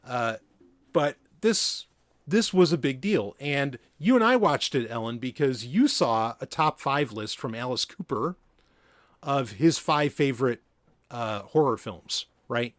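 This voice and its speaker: A man hosting a podcast in a relaxed, conversational way, often pausing on fillers. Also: medium pitch, no echo, studio quality. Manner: relaxed, with frequent fillers and restarts. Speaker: podcast host.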